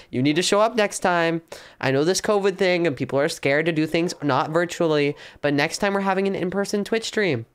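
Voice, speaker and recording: A woman's voice: on the low side, a little fast, clear, resonant tone. A young woman streaming from her bedroom, chatting casually with a hyper, playful, mock-dramatic manner. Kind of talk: casual live-stream chat. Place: bedroom at home.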